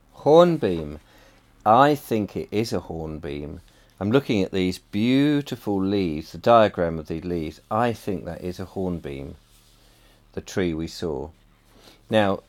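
Man, middle-aged, from England, low voice, casual vlog monologue, wistful, rambling. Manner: wistful, rambling, often trails off mid-sentence. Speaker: vlogger.

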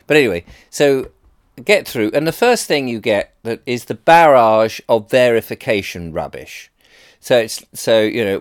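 A middle-aged man with an English accent gives a casual vlog monologue, chatty and rambling. He is self-deprecating and full of restarts, as if thinking out loud to the camera. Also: fairly low pitch. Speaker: vlogger.

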